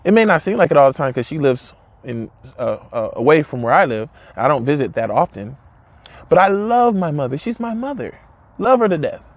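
A man with a fairly high, husky voice delivers a casual motivational talk to camera. His pitch swings widely as he hammers home his points with repeated rhetorical questions. His wording is blunt and direct. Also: sing-song, a little fast, dry recording. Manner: emphatic, repetitive, rhetorical questions. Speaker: motivational speaker.

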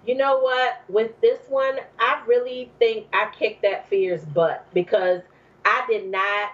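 A woman, a mother in her thirties or forties, telling a personal story as a guest, leaping to high exclaims when she quotes herself. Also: distant mic. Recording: dull lo-fi recording.

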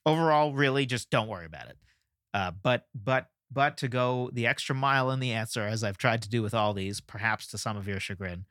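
A man's voice: mid-range voice, a little fast, a bit bright, no room sound. Man explaining songwriting, dry close mic. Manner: thinking aloud, frequent restarts and "right?" checks. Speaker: podcast host. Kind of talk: casual explanatory monologue.

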